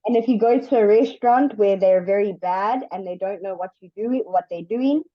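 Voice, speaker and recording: A woman's voice: medium pitch, dry recording. A woman gives an online English lesson, patient and careful, walking through each point with examples. Her voice sits in the middle range. The sound is dry and a little muffled. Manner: patient, explains slowly with examples. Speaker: English teacher.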